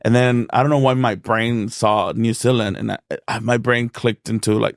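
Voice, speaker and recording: Gravelly-voiced Mexican man telling stories. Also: mid-range voice, moderate pace, hardly any pauses, dry recording, studio quality. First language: Spanish. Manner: animated storyteller, acts out dialogue, swears freely. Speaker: stand-up comedian guest. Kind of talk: casual podcast interview storytelling.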